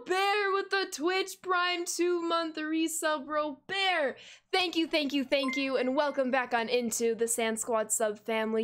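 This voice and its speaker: A young woman in her twenties streaming a video game live, talking through game content and thanking viewers in an upbeat, effusive way. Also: fairly high pitch. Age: 20s.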